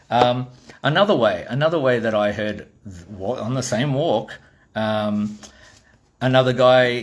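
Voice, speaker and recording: A middle-aged Australian man who designs toys, telling a blunt, swearing story in a casual monologue, acting out the dialogue as he goes. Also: mid-range voice. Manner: blunt and swearing, animated retelling with quoted dialogue. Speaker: toy designer.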